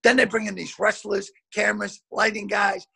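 An older man over sixty telling loud, swearing anecdotes as a comedian guest over a video call, often repeating words as he goes. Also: sits high, flat delivery, moderate pace, vocal fry, breathy edge. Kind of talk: storytelling anecdotes.

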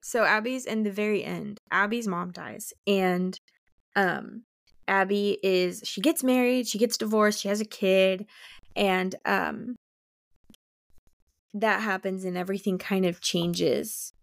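A woman's voice: medium pitch, takes it slowly, gravelly, no room sound, studio quality. A young woman co-hosting a podcast, rambling emotionally about a book she loved. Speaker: podcast co-host. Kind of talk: casual book chat.

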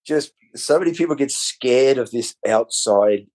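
A man's voice: medium pitch, animated, a little slow, darkish tone. A middle-aged man, a comedian guesting on a podcast, talking bluntly and jokily, swearing and calling people mate. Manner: blunt and jokey, swears, calls people mate, acts out little scenes. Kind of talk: casual conversation.

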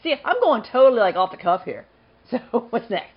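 A man's voice: very high-pitched, big pitch swings, fairly quick, breathy edge, muffled recording. A man co-hosting a podcast in casual, jokey chat, laughing often. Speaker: podcast co-host.

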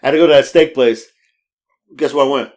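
Speaking fast at a medium pitch, this podcast co-host tells stories in casual chat. He's animated and laughs a lot, swears freely, frequently restarts, and slips into the voices of those he quotes.

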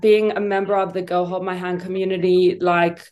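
A woman from South Africa hosts a casual podcast interview, teary and gushing with praise. She talks in a fairly flat, even tone and uses many fillers. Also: on the low side, moderate pace. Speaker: podcast host.

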